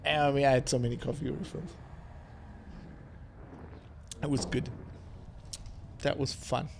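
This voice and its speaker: A man's voice: medium pitch, steady tone, measured pace, gravelly, background noise. A man chatting casually on a live stream, tipsy and rambling, laughing often and swearing. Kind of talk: casual chat.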